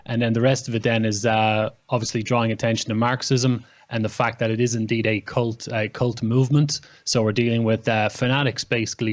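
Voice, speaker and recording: An Irish man, a guest author, explaining his ideas calmly in an interview. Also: lowish voice, lo-fi sound. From Ireland. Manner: calm, explanatory, frequent um and uh. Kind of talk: interview answers.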